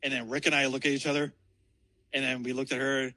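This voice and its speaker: A man's voice: mid-range voice, flat delivery, fast, sharp tone, dry recording, low-quality recording. A man calling in from outdoors downtown, telling a rambling, profane story with frequent laughter. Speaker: caller. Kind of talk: casual storytelling.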